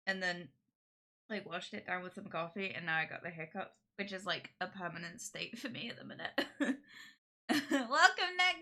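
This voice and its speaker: A woman's voice: mid-range voice, sharp tone. A young woman with a cold, chatting with viewers on a live stream in a nasal, congested voice, rambling with lots of fillers.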